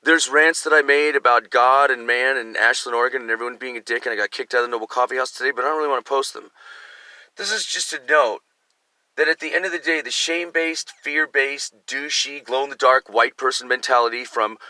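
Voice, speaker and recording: Bright-voiced older man ranting. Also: medium pitch, fast, dry recording. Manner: agitated, profane, rambling. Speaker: vlogger. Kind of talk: ranting monologue.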